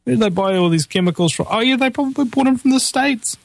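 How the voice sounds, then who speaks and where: A man giving sarcastic political commentary in a mocking, animated way, often laughing at his own jokes. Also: extremely high pitch, fast, creaky, no echo.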